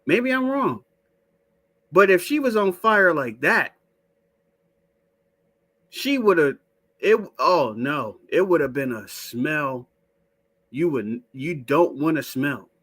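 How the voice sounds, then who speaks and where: A man's voice: on the high side, lively intonation, takes it slowly, long pauses, fairly bright tone. Profane, skeptical man talking to his chat. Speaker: show host. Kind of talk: casual live-stream talk.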